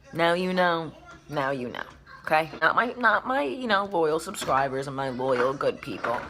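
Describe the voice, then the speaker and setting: A young woman with a low voice tells a personal story on her vlog. She talks casually, acts out what people said and swears freely. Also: noisy background. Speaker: vlogger.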